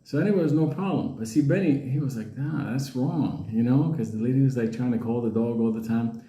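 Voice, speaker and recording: A man telling a comedic story in a rambling, casual way, laughing at his own jokes and putting on high voices for the characters. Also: fast talker, dark tone, reverberant.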